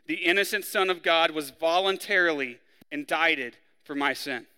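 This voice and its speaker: Bright preaching man in a reverberant hall. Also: normal speed, clear, resonant tone. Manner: preaching, acts out the criminals' lines with rising pitch and force. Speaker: pastor. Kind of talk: sermon.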